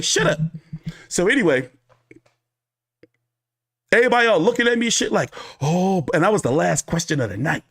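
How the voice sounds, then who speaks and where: Man, boxing show host, casual storytelling, swearing freely, lively swinging pitch, fairly high voice. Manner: animated, profane, acts out quoted people in his retelling.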